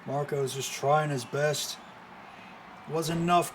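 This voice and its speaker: Excitable man calling wrestling play-by-play. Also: fairly high pitch, a little slow, pauses often, a little hiss or hum. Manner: excitable, frequent exclamations. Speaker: streamer commentator. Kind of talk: live wrestling play-by-play commentary.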